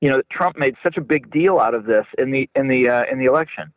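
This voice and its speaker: A male author being interviewed on radio, talking in an animated way that often stumbles over and repeats his words. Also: medium pitch, fast talker, no echo. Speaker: author guest. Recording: tinny phone-line sound.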